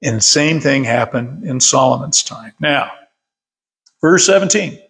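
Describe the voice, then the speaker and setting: A man's voice: medium pitch, animated, measured pace, gravelly, fairly bright tone. An older man leading a casual Bible study from his workshop, folksy and chuckling as he tells stories.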